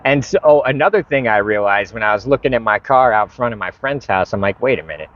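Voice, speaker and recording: A man's voice: on the low side, lively intonation, fast, fairly bright tone. A man vlogging, telling a frustrated, profane story and retelling his conversations with others. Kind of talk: casual storytelling rant. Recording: dull lo-fi recording.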